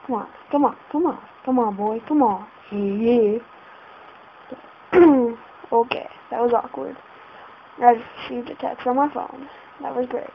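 Brief: woman gamer, slightly high voice, panicky running commentary, muffled lo-fi recording with faint hiss. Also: vocal fry. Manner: flustered, keeps exclaiming in panic. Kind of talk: casual let's-play commentary. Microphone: laptop setup. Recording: dull lo-fi home recording.

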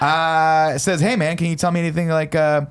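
A man's voice: on the high side, fairly quick, clear, resonant tone. A man co-hosting a podcast, casually recapping a film and acting out characters in goofy voices. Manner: animated retelling, acting out characters in silly voices. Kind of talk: casual chat.

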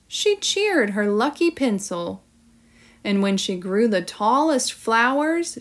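Woman teacher, children's story read-aloud, expressive and unhurried, mid pitch.

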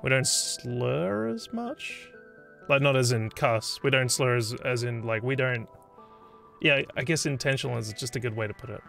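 A man's voice: mid-range voice, lively intonation, moderate pace, creaky, a bit bright, faint music behind. A man with an Australian accent, streaming live as he codes, rambling and thinking aloud with frequent restarts. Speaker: streamer and game developer. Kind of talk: casual live-stream chat while coding.

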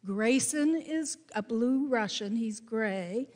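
Slow-speaking woman pastor in a reverberant sanctuary. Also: on the high side. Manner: slow, gentle storytelling with emphatic rises. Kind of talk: sermon. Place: church sanctuary.

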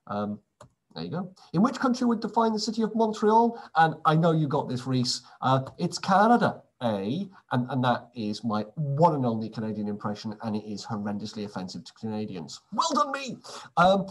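A man's voice: mid-range voice, lively intonation, a little fast. A man reading through quiz answers in a casual way, adding wry, sarcastic asides between questions. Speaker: quiz presenter.

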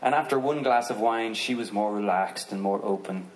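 A man with an Irish accent telling a joking, relaxed story to an audience between songs at a live outdoor concert. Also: on the low side, normal speed, low-quality recording. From Ireland. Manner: relaxed, joking, chatty, swears casually. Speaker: singer on stage. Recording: live concert recording with crowd noise. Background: audience crowd murmur.

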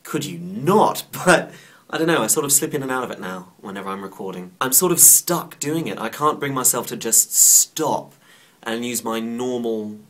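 A man's voice: mid-range voice, animated, moderate pace, a bit bright. Rambling, playful man vlogging. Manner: chatty, playful, self-mocking. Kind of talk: casual rambling monologue to camera.

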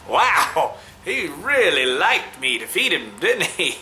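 A man giving chatty, excitable let's-play commentary, cooing at the creatures he meets. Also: fairly high pitch, normal speed, few pauses, background noise. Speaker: gamer.

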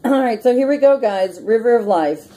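On the high side and animated, this woman's dark-toned voice moves at normal speed through a rough recording. As host of a casual prayer and meditation vlog, she chats and rambles with plenty of ums and frequent laughter.

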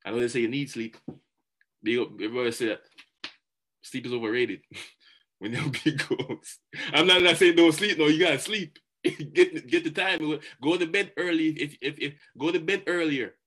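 A man giving a motivational talk, animated and chatty, often repeating words as he goes. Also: on the high side, normal speed. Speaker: motivational speaker.

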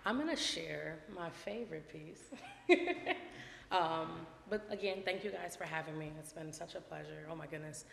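A woman performing spoken word poetry at a gallery event, dramatic, swelling from hushed lines to loud ones. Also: deep voice, moderate pace, vocal fry, background noise. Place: art gallery event before a live audience. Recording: echoey room with long reverb.

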